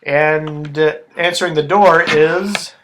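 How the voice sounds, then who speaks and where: Slow-talking young man telling a story. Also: a little high, very noisy. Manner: relaxed, joking, fillers. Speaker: host, improv storyteller. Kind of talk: casual improvised storytelling over gameplay.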